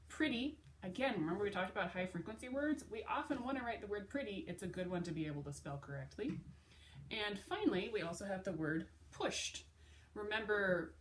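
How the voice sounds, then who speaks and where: A woman teaching a phonics lesson to young children, patient and clear, spelling words out letter by letter. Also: lowish voice, recorded from a distance.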